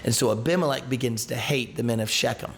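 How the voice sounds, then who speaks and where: A male pastor at home, taking a Bible study group through a passage. His mid-range voice has a gravelly edge. He reads the verses and then explains them in a relaxed, conversational way, full of asides and restarts. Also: mid-range voice, quick pace. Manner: reads scripture, then retells it in casual everyday words.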